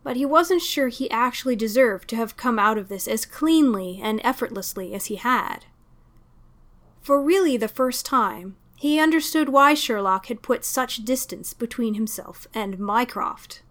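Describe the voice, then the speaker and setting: A woman narrating a story aloud in a steady, expressive storytelling manner. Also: a little high, unhurried. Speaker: reader. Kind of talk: audiobook fan fiction reading.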